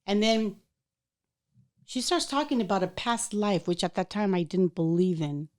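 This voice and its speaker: A woman hosting a podcast, chatting casually and telling a personal story in an animated way, acting out the voices of people in it. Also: mid-range voice, moderate pace. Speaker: podcast host.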